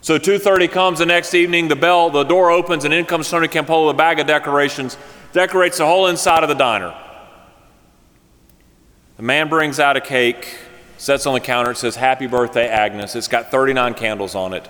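Animated storytelling preacher in an echoing church. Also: male voice, on the high side, a little fast. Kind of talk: storytelling sermon. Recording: reverberant church hall.

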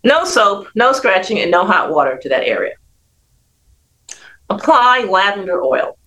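A woman's voice: mid-range voice, sing-song, a little slow, sharp tone, poor audio. An older woman doctor giving blunt, emphatic health advice on a talk show, repeating words for emphasis. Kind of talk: casual radio talk advice.

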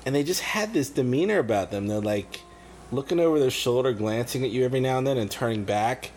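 A man's voice: mid-range voice, animated, fast talker, a little mellow, slight background noise. A man co-hosting a casual podcast, telling rambling anecdotes. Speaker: podcast co-host. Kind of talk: casual chat.

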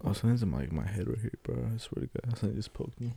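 A young man chatting casually with a friend, reacting quickly and swearing in loose slang. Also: on the low side, animated, creaky, dark tone, slightly rough, no room sound. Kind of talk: casual chat between friends.

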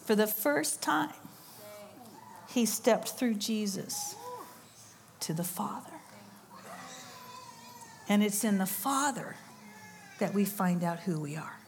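A woman's voice: mid-range voice, expressive, a little slow, long pauses. A middle-aged woman giving a sermon, telling a story with quoted voices and laughing asides. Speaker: conference speaker. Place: church or conference hall.

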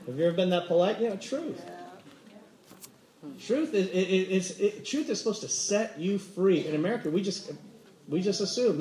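A man with a bright, high voice preaches a sermon in a roomy, echoing church hall. He tells stories with lively energy and acts out everyday conversations. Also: normal speed. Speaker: pastor. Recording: roomy echo.

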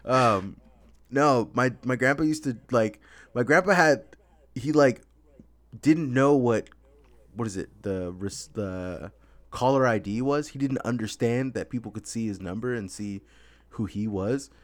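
A man hosting a podcast in casual chat, laughing often and acting out friends in quick voices. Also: medium pitch. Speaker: podcast host.

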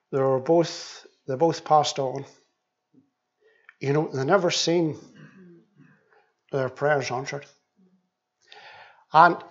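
A man reading scripture, praying and giving his testimony at a church meeting, speaking deliberately and often repeating words as he prays. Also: on the high side, highs cut off. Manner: slow and deliberate, with frequent repeated words in prayer. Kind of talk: Bible reading, prayer and testimony.

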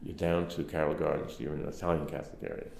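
A man's voice: extremely low pitch, steady tone, fast, creaky, a little mellow, echoey room. An older man from Brooklyn with a Brooklyn accent, telling rambling stories in an oral history interview with lots of fillers. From Brooklyn, New York. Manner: rambling, anecdotal, many fillers.

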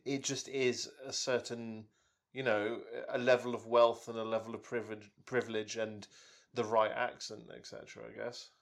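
Gravelly low-voiced man chatting. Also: level tone, normal speed. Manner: rambling storyteller, many restarts and fillers. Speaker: podcast co-host. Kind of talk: casual chat.

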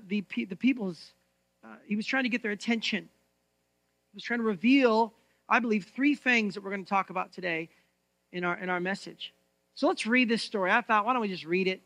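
A man preaching a church sermon, swinging between loud proclaiming and hushed, intense reading of scripture. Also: extremely high pitch, dry recording. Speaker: pastor.

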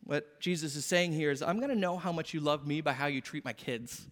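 High-voiced man preaching in a reverberant church. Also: fairly quick. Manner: earnest, conversational preaching with quoted asides. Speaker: pastor. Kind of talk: sermon. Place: church sanctuary.

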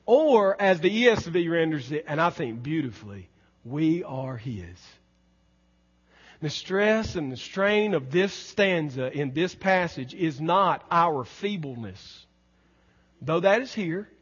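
A man preaches in a high, slightly husky voice, leaning hard on his points and then dropping low and quiet. The sound is dull and lo-fi with a long hall reverb behind it. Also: expressive, unhurried. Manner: emphatic preaching, swinging from loud exclamations to soft low lines. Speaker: pastor. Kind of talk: sermon.

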